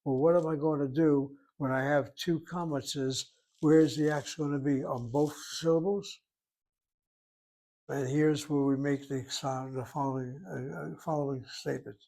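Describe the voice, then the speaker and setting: A man's voice: on the high side, steady tone, normal speed, creaky, darkish tone. An older man teaching a Hebrew lesson, explaining rules methodically and repeating key points as he writes on a board. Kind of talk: classroom lecture at a whiteboard.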